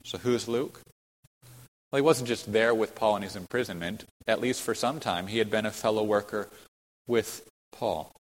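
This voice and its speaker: A man's voice: on the low side, normal speed. Guy teaching a bible passage from the pulpit, walks through it point by point, big echoey church hall. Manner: explanatory, reads quotes aloud, points to a map. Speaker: preacher teaching a Bible study. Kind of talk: expository sermon teaching. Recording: long hall reverb.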